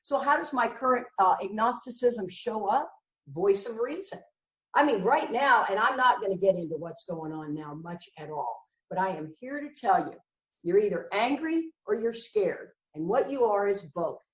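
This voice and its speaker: A woman's voice: mid-range voice, lively intonation, moderate pace, far from the mic. A middle-aged woman giving a candid recovery talk in a blunt, emphatic way with wry jokes. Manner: emphatic, blunt and wryly joking. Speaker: recovery meeting speaker. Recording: echoey room, voice from the mic.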